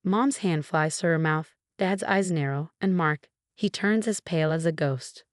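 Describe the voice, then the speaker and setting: A woman in her twenties narrates a first-person story at an even, measured pace. Her voice sits a little low. It sounds dry and close to the mic. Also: dry recording. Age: 20s.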